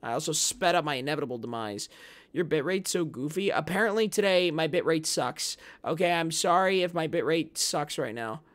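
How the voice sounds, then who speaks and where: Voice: medium pitch, lively intonation, brisk, fairly bright tone. A game streamer giving live commentary, ranting and joking at the chat while frustrated with the game.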